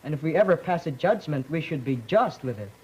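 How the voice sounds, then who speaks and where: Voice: mid-range voice, animated, brisk, darkish tone, breathy edge, poor audio. A student delegate speaking hesitantly on a 1950s radio panel, with some repeated words.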